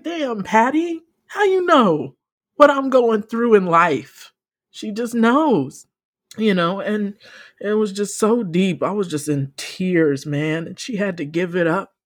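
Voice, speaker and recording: A woman's voice: no room sound, studio quality. Emphatic, profane woman co-hosting a podcast. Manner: emphatic, profane, swings into high excited exclamations. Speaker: podcast co-host. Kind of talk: casual chat.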